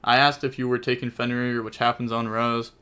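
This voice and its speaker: Young guy streamer, bright forceful voice, ranting casually, yelps up high when something's ridiculous. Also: level tone, brisk, smooth. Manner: incredulous, exclaims in sudden high bursts. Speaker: streamer commentating a card game match. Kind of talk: casual commentary, reading chat aloud.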